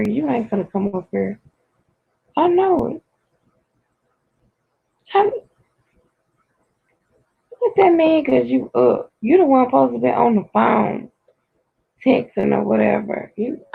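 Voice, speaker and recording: A livestream host with a raspy voice, chatting casually with viewers and playfully scolding them over and over. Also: mid-range voice. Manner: playful mock-scolding, repetitive. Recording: tinny phone-like audio.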